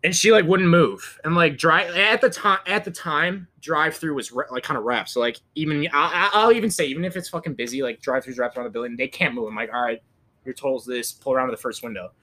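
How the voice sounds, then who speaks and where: A young man with a bright, forward voice pitched a little high, swearing freely as he rambles through a story. He is co-hosting a casual podcast chat and keeps restarting his sentences mid-thought. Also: fast talker. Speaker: podcast co-host.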